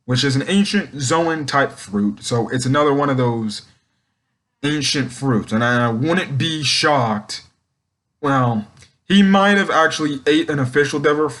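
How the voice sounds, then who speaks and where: A young man rambles through a casual recap and review of an anime episode. He keeps starting over mid-sentence and fills gaps with ums. His voice sits at an ordinary middle pitch. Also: a bit bright. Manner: rambling, many ums and restarts.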